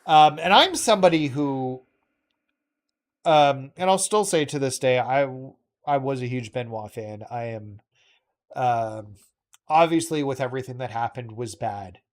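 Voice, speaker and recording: A man's voice: mid-range voice, unhurried. A man live-streaming a video game, chatting casually with viewers in a rambling, earnest way full of fillers and self-corrections. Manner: earnest and heartfelt. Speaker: gaming streamer.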